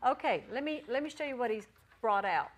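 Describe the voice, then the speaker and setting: A woman's voice: a little high, expressive, a little fast. A woman teaching a Greek class in a classroom, chatty and encouraging, joking with her students. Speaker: Greek teacher at a ministry school. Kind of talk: classroom lecture.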